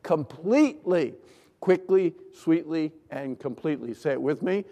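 A middle-aged man preaching a sermon, leading call-and-response and swinging between hushed and loud lines. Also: a little high, lively intonation, measured pace. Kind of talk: sermon to a congregation. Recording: long hall reverb.

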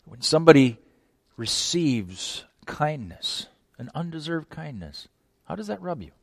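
A man's voice: a little high, big pitch swings, unhurried, creaky, no echo. Emphatic preacher, man, dry close voice. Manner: emphatic, repeats words, many rhetorical questions. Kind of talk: sermon.

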